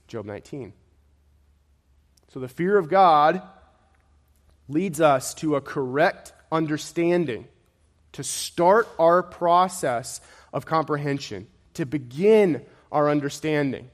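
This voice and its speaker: A man's voice: a little high, takes it slowly, in a large hall. A man preaching a sermon, emphatic and repetitive, his intensity rising and falling.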